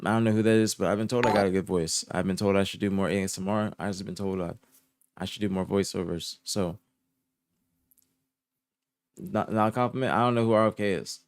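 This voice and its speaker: A soft-spoken young man chatting casually on a live stream, answering his chat in a laid-back way, dropping to low murmurs and rising to higher protests, often repeating himself. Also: steady tone, brisk, pauses often, clean tone, no echo. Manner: drifts between low murmurs and higher indignant outbursts. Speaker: streamer reporting esports news.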